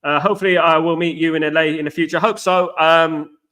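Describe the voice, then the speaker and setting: A man's voice: a little high, steady tone, brisk, bright, forceful tone. A middle-aged British man hosting a football channel, chatting casually and rambling to his viewers. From Britain. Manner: rambling, repetitive, addresses viewers as guys. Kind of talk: casual live-stream chat.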